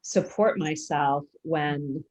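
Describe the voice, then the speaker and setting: A woman who coaches for a living joins a casual interview and discusses her parenting with candor and openness, laughing easily throughout. She has a deep, slightly mellow voice and speaks slowly.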